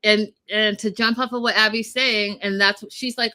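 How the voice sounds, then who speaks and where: A woman's voice: medium pitch, fairly even intonation, moderate pace, bright, forceful tone. A woman co-hosting a casual recap chat, talking in a blunt, emphatic way and swearing freely. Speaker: podcast co-host.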